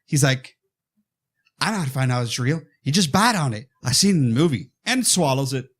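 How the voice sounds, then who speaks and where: A man co-hosting a horror podcast, casually and excitedly retelling a movie and acting out its lines. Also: medium pitch, a little fast, breathy edge. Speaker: podcast co-host.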